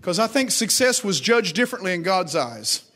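A man's voice: sits high, very animated, normal speed, fairly bright tone. A middle-aged pastor preaching a sermon, acting out scripture quotes with dramatic rises in his voice. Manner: dramatic rises when quoting God.

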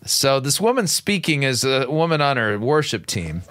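A man's voice: medium pitch, very animated, moderate pace, a bit bright. A man hosting a radio show, giving sarcastic, incredulous commentary on video clips, often stumbling and restarting. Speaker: radio show host and pastor.

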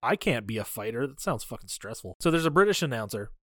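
Casual podcast co-host, thirties, swears a lot, opinionated rants, mid-pitched, dry mic. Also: male voice, very animated, fast, dry recording. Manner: profane, ranting, opinionated. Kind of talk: casual movie chat.

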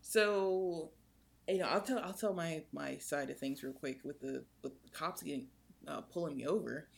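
Young woman with vocal fry. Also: normal speed. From United States. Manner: animated, swings in pitch while telling a story. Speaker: podcast co-host. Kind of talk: casual storytelling chat.

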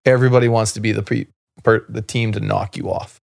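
A man from Canada with a lowish, gravelly voice rambles through a long story on a podcast. His talk is loose and full of fillers and restarts. The recording is close and dry, with no room sound. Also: fairly even intonation, fairly quick, darkish tone, dry recording. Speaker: podcast guest, former basketball player. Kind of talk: casual storytelling conversation.

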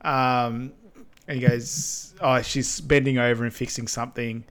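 A man co-hosting a podcast, recapping a movie's plot in relaxed chat. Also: mid-range voice, unhurried, smooth. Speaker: podcast co-host. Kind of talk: casual film recap chat.

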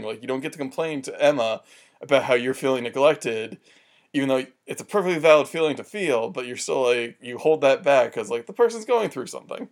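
Rambling co-host telling stories. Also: mid-range voice. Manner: rambling, filler-heavy, tells stories. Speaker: podcast co-host. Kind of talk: casual chat.

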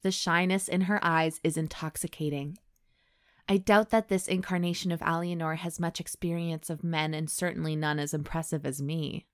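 A woman hosting a comedy podcast, reading an erotic story aloud in a deadpan voice between jokes. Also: deep voice, moderate pace, no room sound, studio quality. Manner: deadpan reading broken by laughing asides. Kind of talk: dramatic reading with comic banter.

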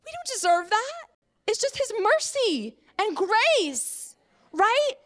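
A woman preacher giving an earnest sermon and personal testimony, moving from hushed to impassioned. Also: very high voice, very animated, takes it slowly. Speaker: apostle and preacher.

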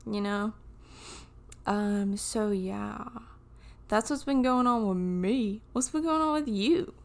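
A woman's voice: medium pitch, slow pace, vocal fry. A woman in her twenties from the United States hosts her own podcast alone, chatting casually through jokey, wandering tangents in a groggy voice. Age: 20s. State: groggy morning voice. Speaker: podcast host. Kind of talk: casual solo podcast chat.

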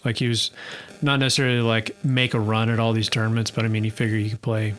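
A man's voice: fairly low pitch, level tone, quick pace, a bit bright. A man guesting on a podcast, speaking casually and often restarting his sentences. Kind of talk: casual chat.

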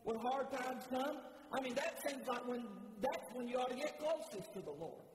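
A man's voice: extremely high pitch, animated, normal speed. A man preaching a sermon in a church, fervent and repetitive, often stammering and restarting his words. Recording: echoey hall with faint noise.

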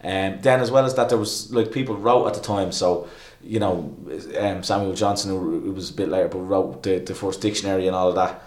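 A man's voice: low voice, steady tone, a little fast, few pauses, darkish tone. A man talking casually as a podcast guest, rambling with many restarts and fillers. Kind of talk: casual chat. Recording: echoey room.

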